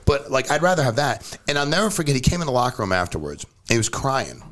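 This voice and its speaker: A man's voice: quick pace, a little hiss or hum. A man in casual conversation as a podcast guest, blunt and direct, telling stories and pushing his point hard. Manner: blunt, animated, jumps pitch for emphasis. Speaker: company CEO, podcast guest. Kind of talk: casual storytelling chat.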